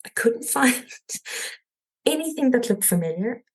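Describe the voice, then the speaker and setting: A woman from Cork, Ireland, appears as a podcast guest, animatedly recounting a personal story. She often laughs lightly and restarts her sentences. Her voice is a little high and breathy-edged, and her pace is measured.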